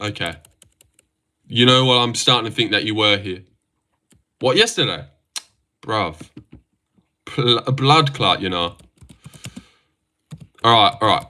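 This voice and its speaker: A man's voice: fairly low pitch, lively intonation, measured pace, long pauses, sharp tone. A young man chatting casually on a stream, joking, teasing and swearing as he reacts.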